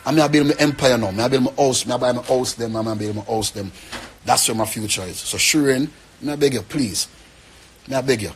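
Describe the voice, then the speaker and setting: A man's voice: medium pitch, brisk, a little hiss or hum. A young man with a Jamaican accent, rambling and pleading in an emotional rant to the camera. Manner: pleading, rambling, repeats himself.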